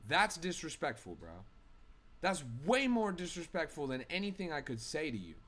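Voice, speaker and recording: A man's voice: a little high, a bit bright. Man streamer ranting angrily at chat. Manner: angry, profane, ranting. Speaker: live streamer. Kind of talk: live stream rant to chat.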